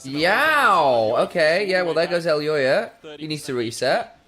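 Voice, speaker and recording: A man co-hosting a casual esports stream, animated and jokey, quick to laugh. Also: fairly high pitch. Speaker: co-streaming host. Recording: crowd noise from the broadcast behind.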